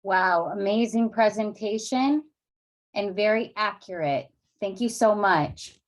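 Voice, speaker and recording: A woman's voice: mid-range voice, slow. A woman hosting a summit session, enthusiastically praising the speakers and instructing listeners through a list of steps. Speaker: summit host.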